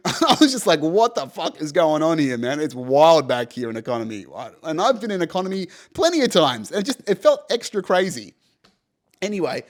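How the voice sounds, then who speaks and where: A young man hosting a podcast, telling a personal story casually and animatedly, swearing freely and saying "you know" and "right" often. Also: on the high side. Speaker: podcast host.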